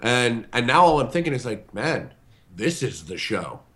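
A man, a show host, telling a casual animated story on a video call, with many fillers, acting out the voices of the people in it. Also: mid-range voice, normal speed.

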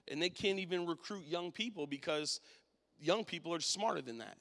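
A man preaching a sermon and telling a personal story, his voice swinging from quiet to loud. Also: a little high, lively intonation, normal speed, gravelly, in a large hall.

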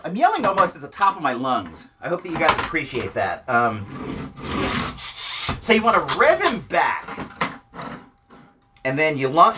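A man hosting a podcast, chatting casually and excitedly as he reviews a toy and makes playful sound effects. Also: on the high side, normal speed, noisy background. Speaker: podcast host.

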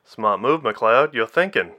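A man voicing a brisk unit commander. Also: medium pitch, expressive, pushed and bright, lo-fi sound. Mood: approving.

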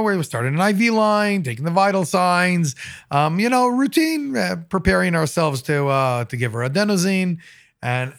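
Male paramedic, lively raconteur, voice sits a touch high. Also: vocal fry. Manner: animated storyteller, acts out quotes. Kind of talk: casual anecdote telling.

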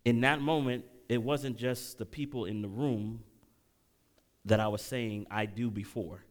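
A middle-aged man delivering a sermon in a lively, animated way. His voice rises and falls widely as he tells stories and keeps asking the congregation whether they are following along. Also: medium pitch, unhurried. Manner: animated preaching, audience call-outs, emotional storytelling. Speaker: pastor.

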